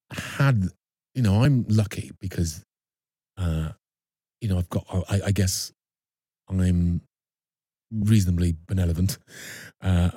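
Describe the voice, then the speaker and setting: A man, an actor guest recounting a personal story in a halting way, often repeating words and restarting. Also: low-pitched, mellow, slightly rough, dry recording.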